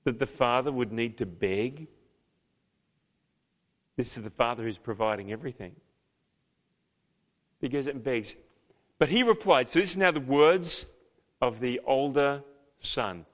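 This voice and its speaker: Pastor preaching in an echoing hall. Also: male voice, medium pitch, animated, measured pace, long pauses. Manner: emphatic, rising to loud dramatic peaks. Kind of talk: sermon. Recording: long hall reverb.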